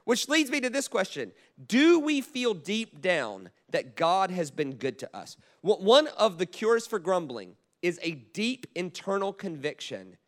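A man's voice: sits high, measured pace, few pauses. A man preaching a sermon, talking in a loose conversational way with frequent restarts and asides to the congregation. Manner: animated, repeats words, conversational asides. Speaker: pastor.

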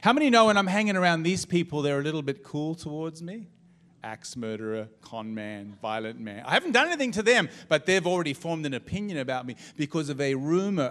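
A middle-aged man delivers a sermon from the pulpit. His voice sits a little high, and he mixes humor and anecdotes with wide, animated swings of pitch and volume. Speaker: pastor.

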